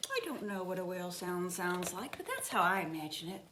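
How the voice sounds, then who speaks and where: Expressive woman telling a children's story. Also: fairly low pitch, brisk, slight background noise. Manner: expressive storytelling, drops to soft whispers for effect; gentle, speaks to young children with questions. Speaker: children's story leader at church. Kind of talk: reading a children's story and sermon. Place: church.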